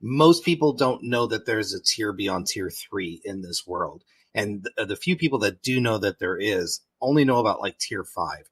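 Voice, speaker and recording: A man's voice: fairly low pitch, expressive, normal speed, few pauses, fairly bright tone, husky, poor audio. A man co-hosting a casual podcast, explaining the rules and sharing opinions at length. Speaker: podcast co-host. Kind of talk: casual chat.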